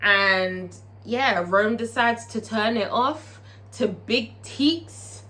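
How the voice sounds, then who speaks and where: A woman recapping a TV episode in a casual vlog, profane and excitable, tagging her lines with "okay?". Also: on the high side, extremely slow. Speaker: TV show reviewer.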